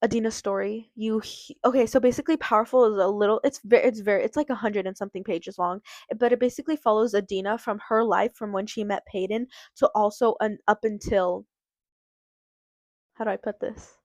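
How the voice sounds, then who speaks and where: A woman's voice: mid-range voice, fairly even intonation, quick pace, few pauses, a little mellow, no room sound. A woman chatting through a casual book review vlog in a mid-range voice. She gushes and rambles, restarting her sentences as she goes. The sound is dry, with little room around it. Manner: gushing, rambling, self-interrupting.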